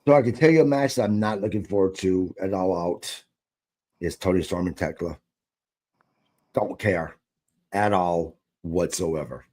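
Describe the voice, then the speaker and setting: A man's voice: sits low, measured pace, pauses often, dark tone. A man co-hosting a casual wrestling podcast, blunt and dismissive, swearing freely. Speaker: podcast co-host.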